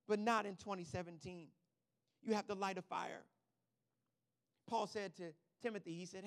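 A male pastor preaching a sermon, swinging from quiet asides to loud, emphatic declarations and checking in with the congregation. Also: high-pitched, steady tone, moderate pace, long pauses, in a large hall.

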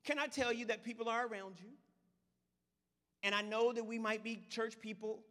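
High-voiced animated preacher in church. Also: male voice, moderate pace, big-room sound. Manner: animated storytelling preaching, talks to congregation. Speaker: pastor. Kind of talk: sermon.

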